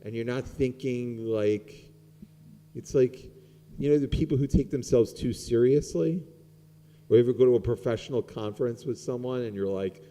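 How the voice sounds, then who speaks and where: A man's voice: mid-range voice, normal speed, mellow, a little hiss or hum. A middle-aged man, a rabbi, giving an informal sermon in a rambling, conversational way full of fillers. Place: synagogue sanctuary. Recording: long hall reverb.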